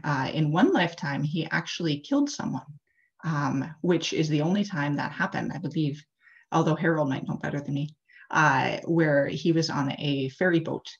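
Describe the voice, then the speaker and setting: A woman interfaith leader telling a sacred story in a casual, chatty sermon, with frequent fillers, over a video call. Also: deep voice. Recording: dull lo-fi video call audio.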